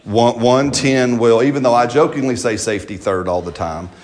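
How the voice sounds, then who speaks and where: A man's voice: mid-range voice, moderate pace, a little mellow. A man preaching a sermon to a congregation in church, in a conversational storytelling way, often checking in with "right?" and laughing through his funny stories. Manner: laughs while telling funny anecdotes. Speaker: pastor. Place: church service before a congregation.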